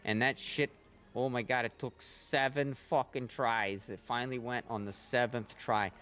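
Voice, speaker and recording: A man's voice: mid-range voice, steady tone, measured pace, fairly bright tone, clean tone. Chatty, swearing male game streamer. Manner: chatty, swears freely, coos at pets. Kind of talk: casual gameplay commentary.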